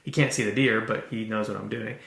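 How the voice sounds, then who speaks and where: A man hosting a podcast, telling a personal story in an earnest, halting way with many restarts. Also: on the low side, steady tone, creaky, a bit bright, roomy sound. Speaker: podcast host. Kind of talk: casual storytelling.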